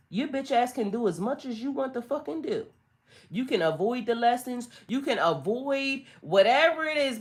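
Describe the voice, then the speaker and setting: A woman talks straight to her viewers during a spiritual reading. She is blunt and sassy, swears freely and hammers her points home with emphasis. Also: medium pitch. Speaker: spiritual tarot reader. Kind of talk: casual livestream reading.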